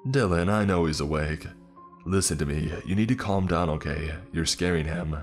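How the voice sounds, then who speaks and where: A man voicing a desperate young man shouting urgently through a closed door. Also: extremely low pitch, unhurried, soft background music.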